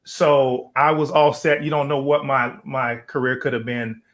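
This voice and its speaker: A man's voice: mid-range voice, level tone, measured pace, fairly bright tone. Earnest male talk show host. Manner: earnest, reflective, with fillers. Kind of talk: interview.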